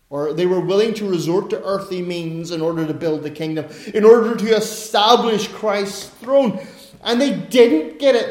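A man preaching a sermon with emphatic, repeated phrases that sometimes drop to soft, low asides. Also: reverberant.

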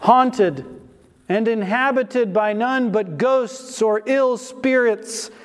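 A man's voice: very high-pitched, slow, clean tone. A man preaching an expository sermon, who asks rhetorical questions and answers them himself with emphatic repetition. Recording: long hall reverb.

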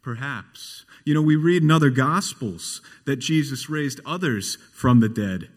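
A man preaches a sermon as pastor in a church, earnest and often putting questions to the congregation. His voice is medium-pitched and a little slow with hardly any pauses, and the recording has long hall reverb.

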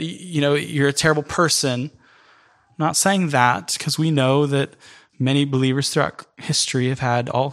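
A man preaching a sermon in an earnest, emphatic way, speeding up in bursts and then slowing down. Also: on the high side, a bit bright. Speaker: pastor. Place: church in New York City.

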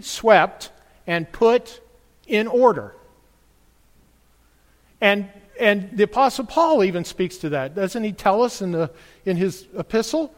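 Man preaching in church; earnest, questioning delivery, high-pitched, ringing reverb. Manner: earnest, rhetorical questions to the congregation. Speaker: pastor. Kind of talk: sermon.

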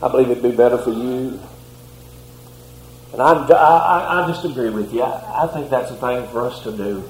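A preacher voicing a gentle, agreeing wife. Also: male voice, mid-range voice, moderate pace, pitched below the performer's own voice, close to an everyday voice. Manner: soft, gentle, hesitant. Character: loyal wife, soft and agreeing. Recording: echoey room.

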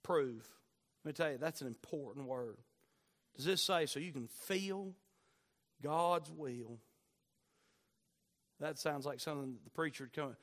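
A man delivers a sermon in a high, bright-edged voice. He swings between hushed, intimate asides and fervent climaxes, drawing out key words for emphasis. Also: moderate pace, vocal fry, long pauses. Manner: impassioned, surging from quiet to near-shouting. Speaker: pastor.

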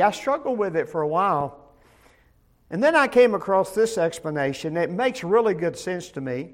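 With a high-pitched voice, a pastor delivers an emphatic Bible study sermon. Loud pronouncements give way to soft asides and back again, and he often repeats words as a phrase begins.

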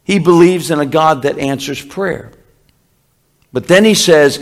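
Slow, deliberate male preacher. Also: a little high. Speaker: pastor. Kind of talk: sermon.

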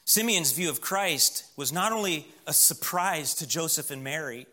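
A man's voice: on the high side, lively intonation, normal speed, sharp tone. A man preaching a sermon in a church, building emphatic lists and acting out quoted voices in an anecdote. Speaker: pastor.

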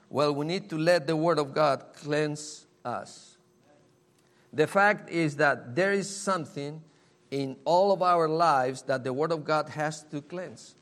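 A man preaching a sermon in a slow, earnest way, often repeating key phrases. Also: a little high.

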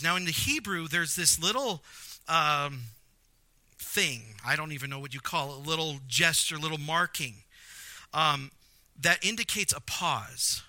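Man, pastor, sermon, very bright voice, dry close sound, jokey and emphatic. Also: a little high, no echo. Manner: animated, jokey asides, emphatic repetition.

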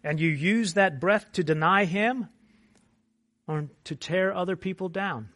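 A man preaching a sermon, moving from quiet, measured explanation to loud, impassioned appeals. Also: high voice, no room sound. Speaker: pastor.

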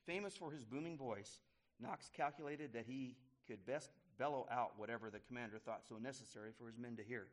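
A man reading a history story aloud to listeners, pausing to explain and correcting himself as he goes. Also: medium pitch. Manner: pauses to explain and restart phrases.

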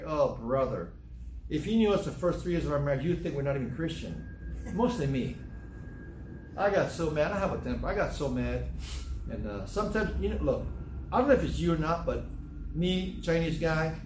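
A man's voice: on the high side, darkish tone, echoey room, slight background noise, poor audio. A man preaching a sermon as pastor, talking conversationally and teasing his congregation with questions.

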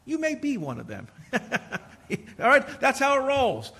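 Lively high-voiced preacher. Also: male voice, slow pace, creaky, slightly rough. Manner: conversational preaching with asides and quoted inner voices. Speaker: pastor. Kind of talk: sermon.

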